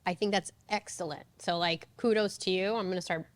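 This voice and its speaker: A woman's voice: fairly low pitch, fairly even intonation, fairly quick. A woman psychologist giving advice in a casual podcast conversation, chatty and full of fillers. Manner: chatty, advising, many "like" fillers. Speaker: psychologist guest.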